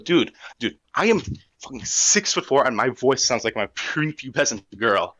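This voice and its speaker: A teenage boy calling in to a casual stream chat, rambling enthusiastically in slang, with a high voice. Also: sing-song, normal speed, fairly bright tone, muffled recording, soft background music. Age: teens. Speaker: caller.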